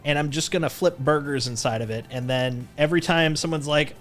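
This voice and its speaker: A man's voice: fairly high pitch, fairly even intonation, fairly quick, hardly any pauses, a bit bright, faint music behind. Playful rambling male streamer. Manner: rambling, playful, jokey, with frequent restarts. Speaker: livestreamer. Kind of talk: casual gameplay commentary.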